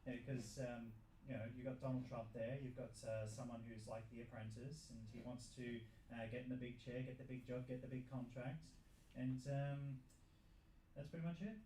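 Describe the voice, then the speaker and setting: A man's voice: mid-range voice, warm tone. A man hosting a comedy show, rambling and joking with the audience. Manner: rambling, jokey, chats with the audience. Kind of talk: casual stand-up banter. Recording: echoey room, distant mic, faint background noise.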